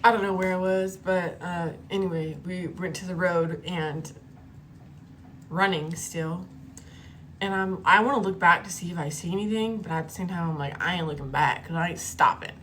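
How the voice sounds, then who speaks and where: A woman vlogger telling a personal story in a casual, animated way, cursing freely and acting out the quotes. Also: lowish voice, normal speed, slight background noise. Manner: animated, profane, acts out the quotes.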